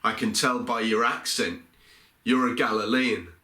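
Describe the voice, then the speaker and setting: A man puts on a suspicious stranger who speaks quickly and is sure of himself. His voice is bright and forceful, and it echoes in a roomy church. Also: medium pitch. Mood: accusing. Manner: brisk, accusing. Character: suspicious male bystander, accusing and sure of himself.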